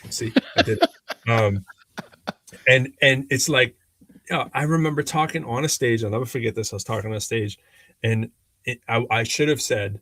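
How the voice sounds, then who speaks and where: A man's voice: medium pitch, a little fast, no echo. A man co-hosting a podcast, talking casually and animatedly with frequent restarts. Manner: animated storyteller, lots of restarts. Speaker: podcast co-host. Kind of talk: casual conversation.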